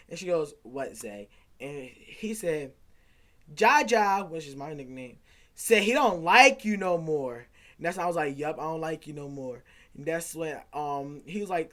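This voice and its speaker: A young man, likely in his teens, telling a casual storytime, rambling and animated as he acts out quoted back-and-forth dialogue. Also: sits high, moderate pace. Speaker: vlogger.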